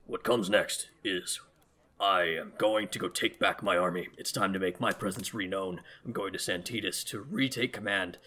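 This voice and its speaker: A man voicing a deposed king set on reclaiming his army, speaking low, subdued and measured. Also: sharp tone. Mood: resolute.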